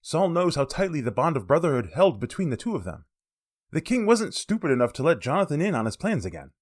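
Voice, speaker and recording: A man preaches through a Bible passage, his slightly high voice rising and falling widely. He mixes careful explanation with casual, off-hand asides. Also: very animated, quick pace. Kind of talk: sermon with Bible exposition.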